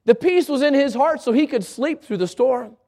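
A middle-aged pastor preaching a sermon, telling a personal story and then reading scripture, rising to shouts for emphasis. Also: male voice, very high-pitched, lively intonation, normal speed, vocal fry.

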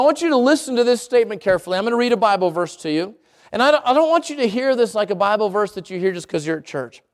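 A male pastor preaching a sermon, animated and talking straight to his congregation. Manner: animated, swings pitch widely, addresses congregation directly.

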